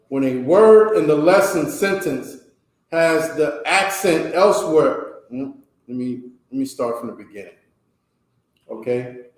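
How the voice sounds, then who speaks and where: A man teaching a class, reading a text aloud and explaining it, often checking with a quick "okay?". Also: a little high. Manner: slow, ends phrases with a checking "okay?". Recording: very echoey room.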